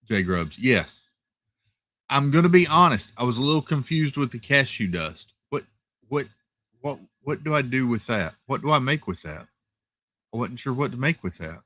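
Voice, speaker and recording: A man hosting a casual live stream from home, reading viewer comments in a relaxed, chatty way with lots of fillers and repeated thank-yous. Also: lowish voice, dry recording. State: tired, yawning. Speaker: livestream host. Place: home, rural area.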